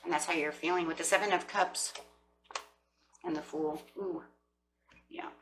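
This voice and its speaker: A woman's voice: on the low side, steady tone, normal speed, fairly bright tone, a little hiss or hum, low-quality recording. A woman giving a tarot reading, speaking straight to her viewers and voicing imagined lines from the people she describes. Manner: speaks directly to viewers, acts out imagined quotes. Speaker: tarot reader.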